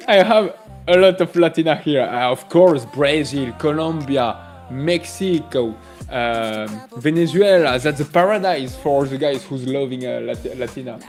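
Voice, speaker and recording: A man's voice: on the high side, big pitch swings, a little slow, a little mellow, faint music behind. A man with a French accent hosting a live trading stream, chatting casually, joking and greeting viewers by name. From France. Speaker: livestream trading host.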